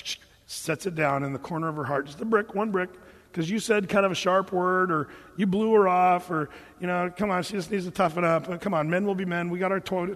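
This is a male preacher and marriage counselor addressing a room of men. His voice sits high and animated, and he restarts and repeats words as he drives each point home. The sound carries with a long hall reverb. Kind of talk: sermon.

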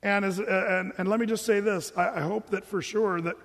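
The room sounds big around this high-voiced man, who speaks fairly quickly. As a pastor, he preaches conversationally and with animation, mimicking his audience's words in put-on voices.

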